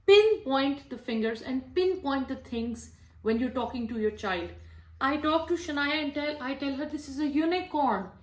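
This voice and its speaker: A woman's voice: sits high, a little hiss or hum. A young mother giving friendly, explanatory tips on reading to small children in a casual way, with some fillers. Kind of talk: casual instructional talk showing books. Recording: roomy echo.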